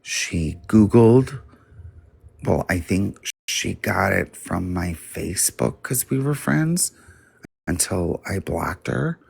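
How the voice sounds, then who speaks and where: A man's voice: low-pitched, expressive, slow, creaky, slightly rough, dry recording. A man telling a personal story on a livestream in a blunt, profane, casual way.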